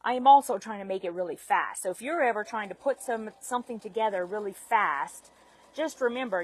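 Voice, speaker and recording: A woman's voice: medium pitch, breathy edge. A woman teaching a live sewing demonstration, chatty and self-deprecating, laughing at her own mistakes. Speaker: sewing instructor.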